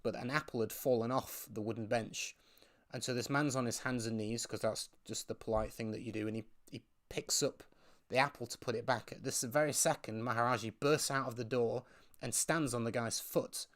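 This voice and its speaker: A man's voice: medium pitch, steady tone, fairly quick, a bit bright. A man hosting a live question-and-answer stream, telling stories in a casual, rambling way with frequent restarts. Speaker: host.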